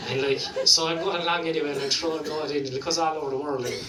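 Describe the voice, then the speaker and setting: Profane Limerick Irish stand-up comedian. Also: male voice, fairly high pitch, steady tone, racing, roomy sound, recorded from a distance, crowd noise, poor audio. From Ireland. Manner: profane, rambling storytelling with lots of "like". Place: comedy club stage.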